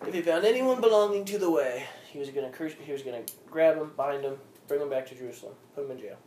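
A man's voice: fairly high pitch, quick pace, darkish tone. Man leading a casual Bible study. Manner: reads scripture aloud, then explains with questions to the group. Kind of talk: informal Bible study teaching. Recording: roomy with faint background noise.

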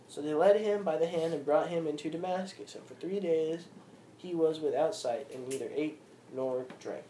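A man's voice: a little high, normal speed, warm tone. Man leading a casual Bible study. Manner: reads scripture aloud, then explains with questions to the group. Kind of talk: informal Bible study teaching. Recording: roomy with faint background noise.

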